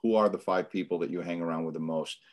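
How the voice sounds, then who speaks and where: A middle-aged man with a Boston accent speaks in a very low voice as a guest on a podcast interview. He talks earnestly and motivationally, and he often repeats a word or two as he starts a thought. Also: fairly even intonation, fast, darkish tone. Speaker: business coach guest.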